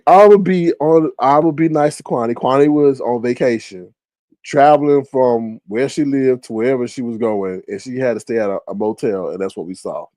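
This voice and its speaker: A man's voice: medium pitch, darkish tone, no echo. A man hosting a casual livestream, chatting animatedly and reading viewer comments aloud. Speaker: livestream host. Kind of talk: casual live-stream commentary.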